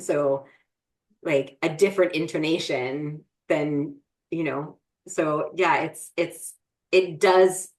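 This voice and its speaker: A woman co-hosts a podcast, chatting casually and rambling, with lots of fillers and restarts. Her voice is low-pitched, and the recording quality is poor.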